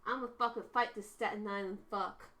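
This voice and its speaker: A woman's voice: medium pitch, steady tone, a little fast, background noise. A woman streaming a video game, joking and swearing in casual commentary. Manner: profane, joking.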